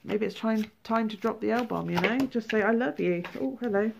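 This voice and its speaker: Woman doing a tarot reading, lively, bursts of excitement. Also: fairly high pitch, moderate pace, gravelly, noisy background. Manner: animated, exclaiming and acting out feelings. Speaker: tarot reader.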